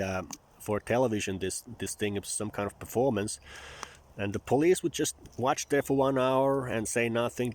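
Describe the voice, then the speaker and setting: Finnish man, Finnish native, Southern twang English, lowish voice, wry digressive vlog chatter. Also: slight background noise. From Finland. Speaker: vlogger. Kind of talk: rambling casual monologue. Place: outdoors near marshland.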